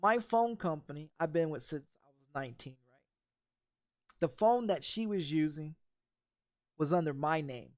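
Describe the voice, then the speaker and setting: High-voiced man ranting, heavy swearing. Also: lively intonation, unhurried, long pauses, a little mellow, no echo, muffled recording. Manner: heated, profane ranting with many repeats. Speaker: game streamer. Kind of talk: casual storytelling during a gameplay stream.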